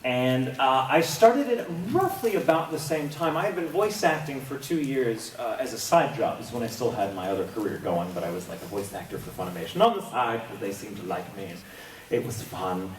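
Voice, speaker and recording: A man's voice: medium pitch, lively intonation, fairly quick, a little hiss or hum. A man who voices characters, telling stories on a convention panel in a wry, self-mocking way and laughing often. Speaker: voice actor and panel guest. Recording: echoey convention hall, distant mic, crowd.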